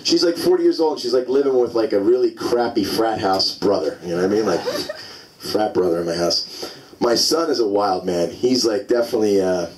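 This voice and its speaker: A man's voice: fairly low pitch, a little fast, far from the mic, slight background noise, low-quality recording. Rambling comedian in his forties. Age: 40s. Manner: loose, rambling storytelling with many fillers. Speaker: stand-up comedian. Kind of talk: stand-up comedy set. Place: comedy club stage.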